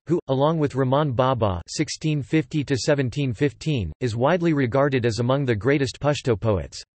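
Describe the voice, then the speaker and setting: A man's text-to-speech voice reading an encyclopedia article in an even, mechanical way. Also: medium pitch, no room sound. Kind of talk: synthetic encyclopedia narration.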